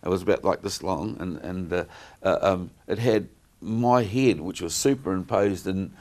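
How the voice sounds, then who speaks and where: A middle-aged man talks in a very low voice. He wanders through his stories, stopping and restarting often with plenty of ums. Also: normal speed, darkish tone. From New Zealand. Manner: rambling, many fillers and restarts. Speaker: guest entertainer. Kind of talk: casual interview chat.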